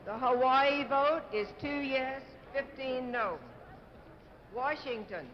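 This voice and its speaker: A woman's voice: sits high, slow. A woman chairing a convention roll call, formally calling out states and reading each vote back. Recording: muffled old TV broadcast, faint hiss.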